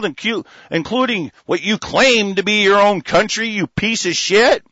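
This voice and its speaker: Pissed-off guy ranting and cussing, tense sharp voice, kinda high, dull dry recording. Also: a little slow, hardly any pauses, no room sound. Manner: furious, profane, shouting insults. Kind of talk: angry political rant.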